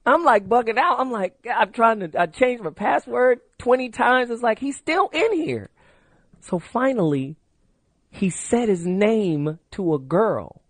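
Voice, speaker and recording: A man's voice: very high-pitched, lively intonation, unhurried, dry recording. A middle-aged man hosting a radio call-in show, loose and brash, telling stories and pushing the phone number. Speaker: radio talk show host. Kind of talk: late-night radio call-in talk. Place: radio studio. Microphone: studio microphone.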